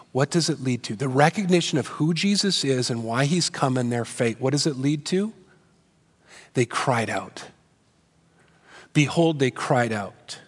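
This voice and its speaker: A male pastor preaching an expository sermon in a church sanctuary, animated, moving between loud and hushed delivery. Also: mid-range voice, slightly rough. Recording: long hall reverb.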